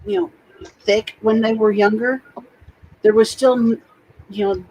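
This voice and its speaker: A woman's voice: a little high, fairly even intonation, measured pace, mellow, muffled recording, slight background noise. A woman in casual chat, talking firmly and plainly as a strict mom. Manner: firm, plain-spoken mom.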